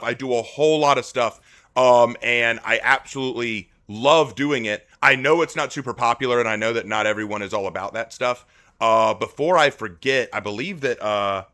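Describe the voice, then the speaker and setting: A man streaming live as a content creator, talking in an excitable, rambling way and often repeating himself. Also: mid-range voice, moderate pace. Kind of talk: casual live-stream chat.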